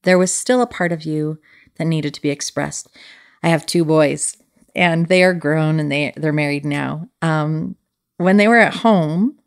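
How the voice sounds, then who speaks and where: Middle-aged woman with a low voice, soft and earnest, telling her own story on her podcast. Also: measured pace, clean tone. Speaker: podcast host. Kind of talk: reflective personal storytelling.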